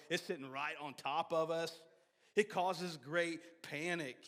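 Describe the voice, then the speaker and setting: High, bright-voiced male preacher in a reverberant church. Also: measured pace. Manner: animated preaching with sudden shouts and soft drops; repeats and restarts words. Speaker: pastor. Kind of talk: sermon. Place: church sanctuary. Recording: long hall reverb of a church sanctuary.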